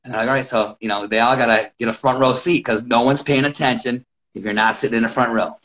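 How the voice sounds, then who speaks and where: A middle-aged man in a relaxed podcast conversation, telling coaching stories with plenty of energy. He speaks at an ordinary middle pitch. He acts out his own calls and shouts as he goes. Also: fast talker. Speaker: wrestling coach. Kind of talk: casual podcast chat.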